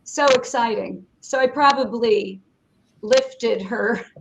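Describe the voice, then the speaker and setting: A chatty woman comedian tells stories animatedly in a high voice during a casual podcast chat. Faint noise sits behind her. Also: takes it slowly, vocal fry, low-quality recording. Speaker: guest comedian.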